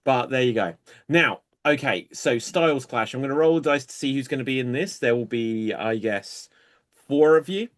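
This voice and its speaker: A man hosting an online improv show in an easygoing way, calling out games and new styles for the players. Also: mid-range voice. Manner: slow, easygoing, calls games.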